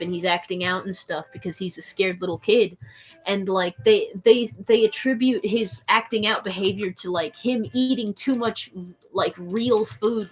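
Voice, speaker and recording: A young adult woman live streaming, reading chat aloud in a playful, rambling way, often saying "like" and slipping into silly voices. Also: mid-range voice.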